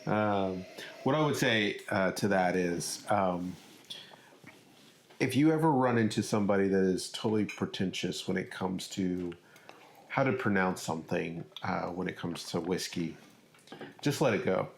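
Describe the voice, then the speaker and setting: A man's voice: deep voice, animated, measured pace, gravelly, a little hiss or hum. A man co-hosting a podcast in an easygoing, teasing way, asking his partner questions. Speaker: podcast co-host. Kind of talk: casual chat.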